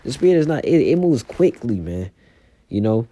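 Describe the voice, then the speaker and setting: Man, casual sermon, very dark mellow voice, dry close sound, lots of fillers. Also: medium pitch, big pitch swings, moderate pace, no echo. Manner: loose conversational preaching, many fillers like "you know" and "man". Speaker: preacher. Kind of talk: casual street sermon with scripture reading.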